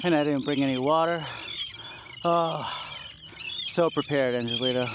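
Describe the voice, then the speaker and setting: A man's voice: fairly high pitch, moderate pace, long pauses, background noise. A man in his forties, out of breath, talking to the camera during a workout at the beach, poking fun at himself and cheering himself on between sighs and laughs. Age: 40s. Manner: self-deprecating, encouraging himself, sighs and laughs between sets. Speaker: vlogger. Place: outdoors at a beach.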